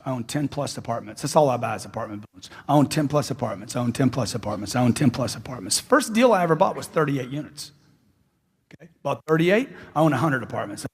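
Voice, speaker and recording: High voiced guy pumping up a seminar crowd, super emphatic, lots of echo from a big hall. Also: breathy edge. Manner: high-energy, emphatic, repeats lines for effect. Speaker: sales trainer. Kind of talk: live seminar talk. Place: large hall with a live audience. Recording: echoey hall reverb.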